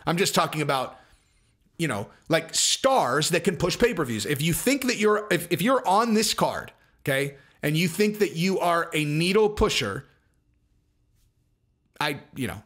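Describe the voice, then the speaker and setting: A man hosting his own channel, giving fast, emphatic commentary that repeats its points and keeps checking in with "okay?". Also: a little high, fairly bright tone. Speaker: channel host.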